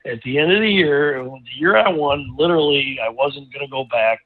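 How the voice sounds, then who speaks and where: A man's voice: on the high side, moderate pace. Middle-aged guy rambling thru a racing story, lots of restarts, sounds like he's on a phone line. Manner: rambling, animated anecdote with many restarts. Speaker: guest racing driver. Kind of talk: casual storytelling.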